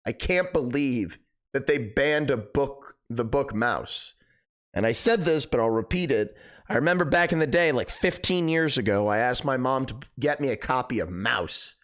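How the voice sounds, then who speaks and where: A man's voice: medium pitch, lively intonation, normal speed, fairly bright tone. A young man hosting a live stream, chatting casually and rambling, swearing a lot, his voice cracking. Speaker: livestream host.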